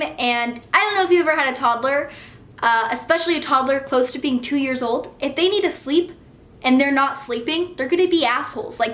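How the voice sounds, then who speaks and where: A young woman, a mother, telling a casual storytime with an animated, profane, chatty manner. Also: high voice, echoey room. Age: young adult.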